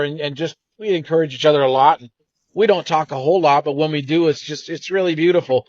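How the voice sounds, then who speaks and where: A man's voice: a little high, quick pace, a little mellow, dry recording. A man co-hosting a show, earnestly telling a personal story in a reflective, meandering way. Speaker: co-host. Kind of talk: casual storytelling. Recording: dull, dry lo-fi sound.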